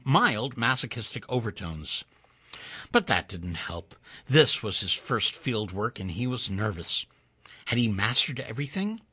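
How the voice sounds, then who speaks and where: A man narrating a story in an expressive, wry, measured reading. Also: mid-range voice, breathy edge, dry recording.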